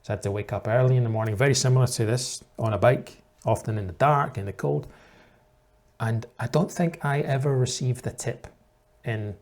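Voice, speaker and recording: A man's voice: medium pitch, fairly quick, darkish tone. Patient man explaining like a teacher. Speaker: English teacher. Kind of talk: reaction commentary for learners.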